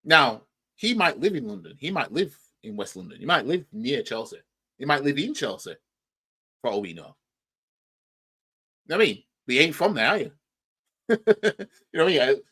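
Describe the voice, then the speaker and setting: A man's voice: medium pitch, big pitch swings, normal speed, long pauses, bright, forceful tone, breathy edge. A man with a Yorkshire accent, hosting a reaction channel and mockingly commenting on a clip, often asking "you know what I mean".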